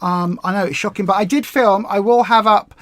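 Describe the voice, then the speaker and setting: A woman co-hosting a casual livestream chat, talkative and excitable with quick asides. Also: mid-range voice, dry recording. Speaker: co-host of a weight loss livestream.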